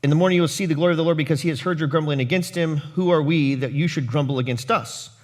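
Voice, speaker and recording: Male pastor, fairly high voice, lively sermon delivery with playful acted-out quotes. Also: very fast. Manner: animated, jokey asides and voiced quotes.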